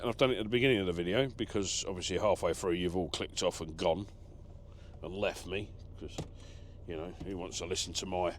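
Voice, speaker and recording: A man's voice: sits low, a bit bright. A man who drives lorries, chatting casually in his truck cab as he reads out viewer comments, rambling and self-deprecating. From England. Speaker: lorry driver vlogger. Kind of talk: casual vlog chat, reading comments.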